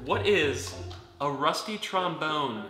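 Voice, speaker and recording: A man's voice: fairly high pitch, expressive, takes it slowly, bright, forceful tone. A man in casual comedic chat, playfully reading out slang terms and teasing his friend. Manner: playful, teasing, reads text aloud. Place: home room with dogs. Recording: echoey room with faint music.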